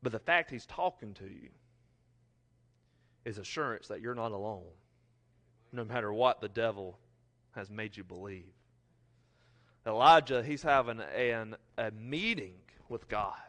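A man preaching a sermon, swinging between loud, emphatic lines and soft, almost whispered ones as he reads scripture and applies it. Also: medium pitch. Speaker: pastor.

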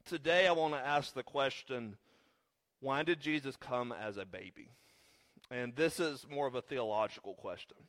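A man's voice: mid-range voice, normal speed, fairly bright tone. A congested man with a slight cough, preaching a sermon as pastor with earnest, rising emphasis on key points.

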